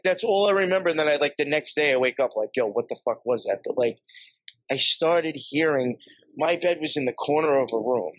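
A man's voice: a little high, fairly bright tone, no echo, poor audio. A man with a New York accent telling a long, rambling story, swearing often and laughing as he talks. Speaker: podcast guest. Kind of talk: casual storytelling.

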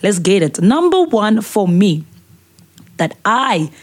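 A woman's voice: medium pitch, big pitch swings, takes it slowly. A woman, hosting a casual music podcast and recommending songs with chatty enthusiasm. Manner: enthusiastic and chatty, with filler words. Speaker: podcast host.

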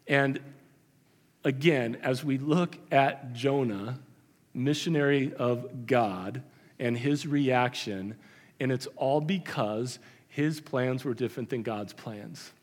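A man's voice: mid-range voice, takes it slowly. A man preaching a sermon as pastor, conversational with emphatic repetition. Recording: long hall reverb.

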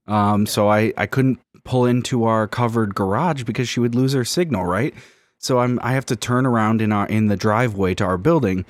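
A man's voice: lowish voice, normal speed, dry recording. A man in his twenties from Miami, co-hosting a podcast and telling a rambling, self-mocking story in casual chat. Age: 20s. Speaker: podcast co-host.

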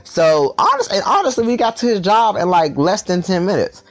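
A man's voice: high voice, sing-song, normal speed. A young man telling a story in a casual vlog, sassy and profane, with lots of energy.

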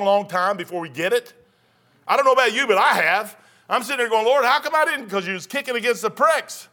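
A man's voice: sits high, sharp tone. A man preaching a sermon as pastor, rambling folksy and telling stories.

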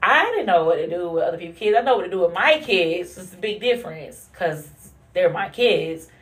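A woman hosting a casual monologue podcast, blunt and profane, who laughs often and swings from low mutters to high bursts. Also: expressive, brisk. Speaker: podcast host.

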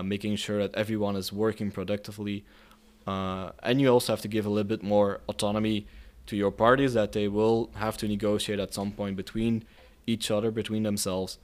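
A man with a fairly low, clear and smooth voice answers an interviewer's questions about mediating conflicts. He speaks thoughtfully and hesitantly, often restarting his sentences. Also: a little mellow. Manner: hesitant, many restarts and fillers.

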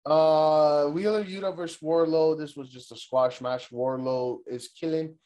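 Rambling, excitable young man recapping wrestling. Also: a little high, unhurried. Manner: rambling, profane, laughs often, mimics wrestlers. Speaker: podcast co-host. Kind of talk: casual wrestling recap chat.

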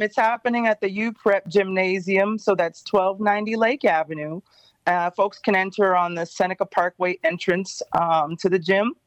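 A woman appearing as a guest on a morning radio show, explaining the details of an event in a steady, informative way. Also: mid-range voice, no room sound. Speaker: radio show guest, job fair organizer. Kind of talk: casual radio interview.

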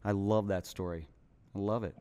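A man's voice: on the low side, fairly even intonation, moderate pace, dark tone, smooth. A man in his fifties interviewing a guest in casual chat, reflective and easily amused.

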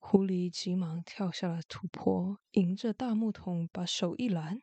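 A woman hosting a show and reading a bedtime story aloud in a gentle, expressive way. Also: mid-range voice, measured pace, husky, dry recording. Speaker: host and storyteller.

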